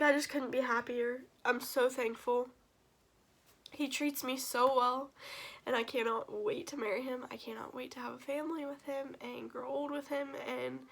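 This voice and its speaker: A young woman talks straight to camera, her voice bright and a touch high. She gushes and runs on with fillers, on the edge of tears, and slips into fry at the ends of phrases. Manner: gushing, emotional, many fillers. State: tearful. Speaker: vlogger. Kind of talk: casual storytelling to camera.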